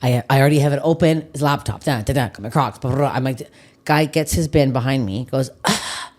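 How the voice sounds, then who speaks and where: A tired-sounding woman with a low, rumbling voice talks a little fast as she hosts a podcast. A comedian, she chats casually and tells animated stories, swearing a lot and acting out other people's voices.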